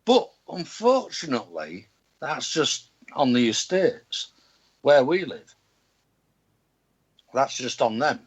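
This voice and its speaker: A man from Hull, Yorkshire, England chats casually in a Hull accent, blunt and outspoken and swearing freely. His voice is medium-pitched and slightly rough, very animated yet slow, with long pauses, and the recording quality is rough.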